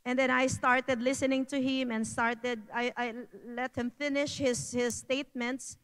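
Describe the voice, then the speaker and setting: A woman's voice: high-pitched, level tone, a bit bright, clear, resonant tone, big-room sound, rough recording. A woman with a Filipino accent giving an earnest, repetitive health talk at a church prayer meeting. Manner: earnest, repeats phrases, slow.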